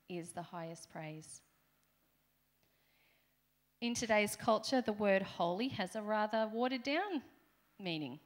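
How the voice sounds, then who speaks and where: A middle-aged woman with an Australian accent preaching a conversational sermon in a church, with playful asides to the congregation. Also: mid-range voice. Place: church hall.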